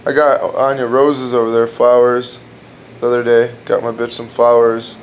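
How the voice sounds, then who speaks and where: At home in a dark room, an amateur comedian tries out crude jokes, rambling and restarting lines as he goes. His middle-pitched voice is monotone and moves at normal speed, with a faint air-conditioning hum behind it.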